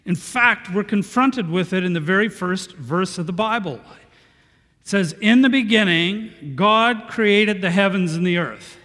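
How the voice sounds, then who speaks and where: A man preaching a sermon as pastor, animated and asking the congregation questions. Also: sits high. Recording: long reverb of a large hall.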